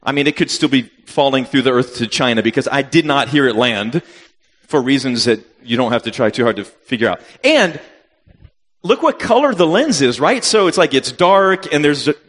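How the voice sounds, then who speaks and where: A man in his fifties, a missionary telling a funny personal story in a sermon, acting out his own reactions with sudden loud jumps. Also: medium pitch, sing-song, moderate pace. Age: 50s. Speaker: missionary preacher. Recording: long reverb of a hall.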